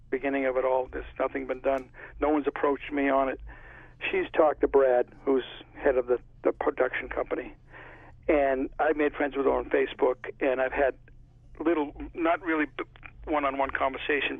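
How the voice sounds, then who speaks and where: A male author with a Connecticut accent chats in a casual interview, rambling through stories in a medium-pitched, husky voice. The audio comes over a tinny phone line with no room sound.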